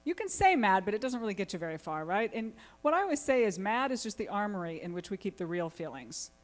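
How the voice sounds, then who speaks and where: A woman family therapist, giving a lively conference talk and asking her audience many questions. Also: mid-range voice, quick pace. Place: conference hall.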